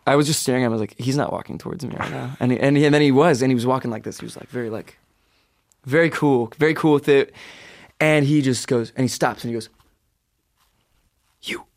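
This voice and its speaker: A young man in his twenties tells a story with an animated, excitable delivery, slipping into whispers for quoted lines. His voice has a gravelly fry, recorded close and dry. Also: mid-range voice, fast, long pauses, dry recording. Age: 20s. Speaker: guest singer.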